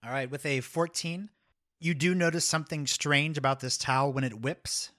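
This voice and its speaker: Bright-voiced game master man. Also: on the high side, fairly even intonation. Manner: chuckling, halting, with restarts. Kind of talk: narrating a tabletop game.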